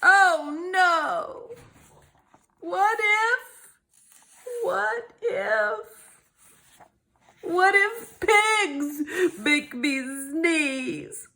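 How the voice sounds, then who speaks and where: A woman's voice: high voice, expressive, extremely slow, exaggerated voice. A woman voicing an anxious, melodramatic young male elephant in a children's storybook read-aloud. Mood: dramatic. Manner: melodramatic, loud, wailing.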